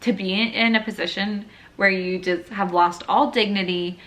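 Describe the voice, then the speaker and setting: Candid young woman, bright chatty voice. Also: mid-range voice, fairly even intonation, normal speed. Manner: candid, frank, chatty with many fillers. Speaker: new mother telling her birth story. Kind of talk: casual personal storytelling.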